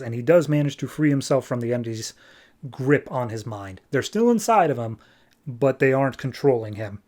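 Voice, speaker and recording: Male podcast host, mid-pitch voice, breezy recap with quick character voices. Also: lively intonation, a little mellow. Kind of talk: casual comic book recap.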